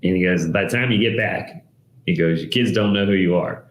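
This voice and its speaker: Low-voiced male expert guest, animated anecdotes, roomy echo. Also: a little fast. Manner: animated storyteller, acts out quoted voices. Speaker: guest, downsizing expert and TV host. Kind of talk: casual interview storytelling.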